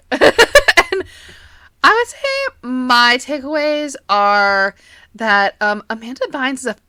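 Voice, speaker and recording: A woman's voice: high-pitched, lively intonation, slow, pushed and bright, clear, resonant tone, no echo, studio quality. A young woman co-hosting a podcast in casual chat, giggly and swearing freely. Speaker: podcast co-host.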